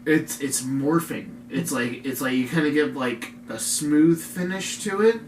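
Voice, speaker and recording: In a home room with echo, a distant mic, and faint noise, a man co-hosts a podcast, chatting loosely and peppering his talk with "like." He speaks at a measured pace in a fairly high voice, relaxed and rambling.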